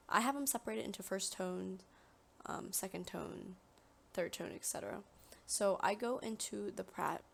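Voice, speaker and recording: Gravelly-voiced woman walking through software steps. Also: medium pitch. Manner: step-by-step instructions with frequent "um" fillers. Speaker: tutorial presenter. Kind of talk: screen-recorded software tutorial. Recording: faint background noise.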